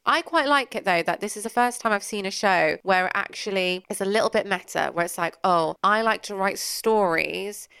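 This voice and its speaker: A woman's voice: mid-range voice, brisk, hardly any pauses, a bit bright, clean tone, no echo. A young woman co-hosting a podcast, chatting casually and laughing often, with lots of "like". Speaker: podcast co-host. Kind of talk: casual nostalgic chat.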